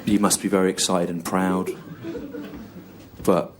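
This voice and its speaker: A man in his thirties with an English accent, telling a long story on stage in a slow, halting deadpan style full of pauses and repetition. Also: deep voice, heavy background noise. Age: 30s. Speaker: stand-up comedian. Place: comedy venue on stage with audience laughter.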